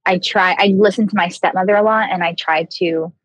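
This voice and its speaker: A woman's voice: on the low side, steady tone, brisk, no room sound. A young woman from the American South, a guest chatting casually and laughing often. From Southern US (Kentucky, Ohio). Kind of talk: casual chat.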